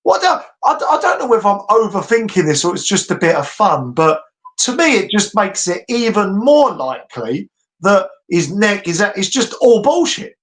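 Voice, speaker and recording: Ranting British man, higher voice. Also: moderate pace. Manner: ranting, animated, laughs often. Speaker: podcast co-host. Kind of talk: casual boxing chat.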